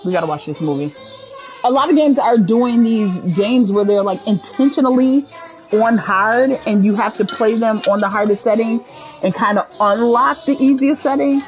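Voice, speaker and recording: A chatty, expressive woman with an African American English accent, giving casual commentary on a video game to her viewers. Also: fairly high pitch, moderate pace, muffled recording, faint music behind. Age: adult. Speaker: gaming streamer.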